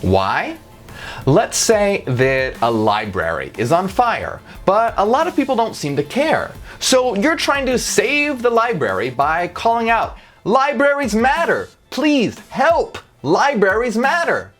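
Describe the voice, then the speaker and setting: A woman's voice: medium pitch, sing-song, unhurried, faint music behind. A woman hosting her channel, giving a blunt, emphatic persuasive monologue to camera. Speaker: channel host.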